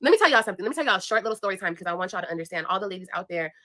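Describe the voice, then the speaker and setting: A young woman vlogger tells a personal story straight to her viewers, casually, bluntly and with profanity. Her mid-range voice is pushed and bright, very fast, with lively intonation and plenty of emphasis.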